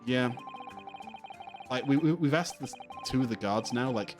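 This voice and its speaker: A man's voice: mid-range voice, a little slow. A man streaming a video game, commenting casually, rambling and laughing often over game music. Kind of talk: casual let's play commentary.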